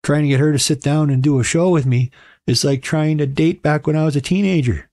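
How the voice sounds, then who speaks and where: A man's voice: fairly high pitch, a little fast, darkish tone, no room sound, studio quality. A man in his forties hosting a casual show from home, telling stories in a wry, joking, conversational way. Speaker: podcast host. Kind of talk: casual storytelling monologue.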